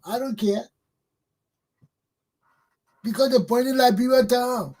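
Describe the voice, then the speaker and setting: A man's voice: extremely high pitch, takes it slowly, darkish tone. A middle-aged man with a Liberian accent, hosting a talk show with blunt, scolding political commentary.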